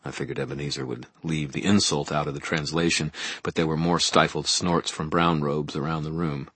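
A man narrating an audiobook in first person with a wry touch. His voice is deep and husky, and the recording is dry and close. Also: fairly even intonation, a little fast, a bit bright, no echo. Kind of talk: scripted narration.

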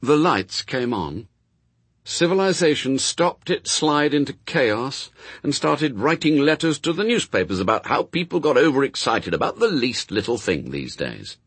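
A man narrating an audiobook with wry, expressive storytelling. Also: mid-range voice, moderate pace, breathy edge, dry recording.

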